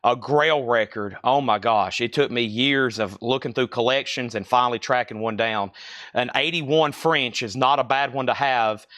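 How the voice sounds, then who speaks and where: A man hosting a live vinyl record sale, running an excitable commentary and talking to himself as he sorts and sells. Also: medium pitch, normal speed, no echo.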